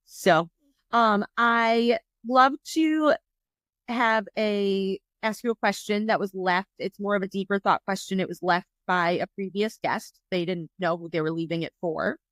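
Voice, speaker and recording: A woman's voice: mid-range voice, steady tone, measured pace, fairly bright tone, no room sound. A woman from New York State hosting a podcast interview, chatty and upbeat with lots of casual fillers. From New York State, USA. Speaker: podcast host.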